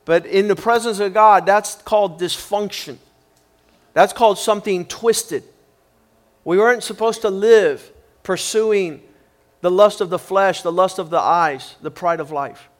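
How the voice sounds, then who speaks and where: High-voiced man preaching an emphatic sermon. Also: a little slow. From Cuban upbringing. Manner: emphatic, repetitive, building in intensity. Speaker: pastor.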